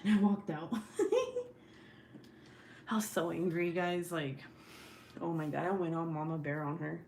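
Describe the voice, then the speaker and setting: A woman's voice: on the low side, moderate pace, a little mellow. A young woman hosting a casual home livestream, chatting bluntly with viewers and swearing freely. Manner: blunt, profane and talkative. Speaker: livestream host. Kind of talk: casual chat with live viewers. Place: home, at night. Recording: echoey room with faint background noise.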